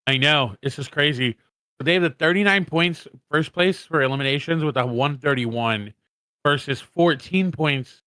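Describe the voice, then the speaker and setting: Man, esports co-caster, reads out placements and points, casual chatter, mid-pitched, dry close sound. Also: pushed and bright, dry recording. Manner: rattles off standings and stats, casual asides. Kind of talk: esports watch-party commentary.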